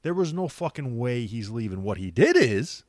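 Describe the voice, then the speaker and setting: A man co-hosting a sports podcast in casual chat, animated and profane, getting louder for emphasis. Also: medium pitch, normal speed, dry recording, studio quality. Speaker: podcast co-host.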